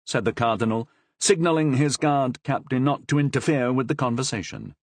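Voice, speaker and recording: Male audiobook narrator, expressive, dry close-mic read. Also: medium pitch, dry recording. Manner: expressive, measured reading. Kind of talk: scripted narration.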